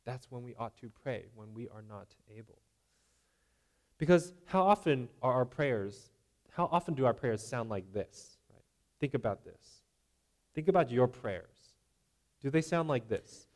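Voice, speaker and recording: A man's voice: medium pitch, animated, measured pace. A man preaching a sermon in a conversational way, often asking "right?" and acting out the voices of imagined people.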